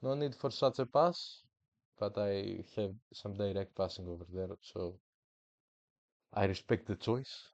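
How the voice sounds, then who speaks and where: A man streams a football management game with playful, slangy hype and trash talk. His voice sits on the low side and he talks at an unhurried pace. The sound is slightly muffled and dry. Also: creaky, no room sound. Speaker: gaming streamer. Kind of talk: casual gameplay commentary.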